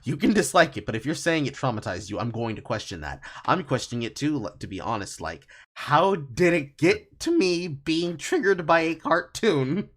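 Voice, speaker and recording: A man's voice: a little high, sing-song, moderate pace, hardly any pauses, fairly bright tone. A man co-hosting a podcast, reading out online posts and commenting on them with mocking sarcasm. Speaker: podcast co-host.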